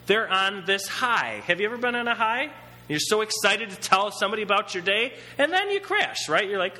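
A male preacher with a bright, forceful voice that leaps up and down in pitch as he retells the story. He talks in an easy conversational way and drops into acted-out voices. A long reverb hangs on his words, as in a big hall. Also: moderate pace. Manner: conversational, animated, acts out characters. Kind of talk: sermon.

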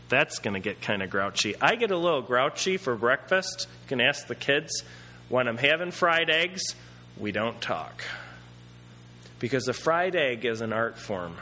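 A man preaching a sermon in a conversational, animated way, acting out characters as he tells the story. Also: mid-range voice, long reverb tail, slight background noise.

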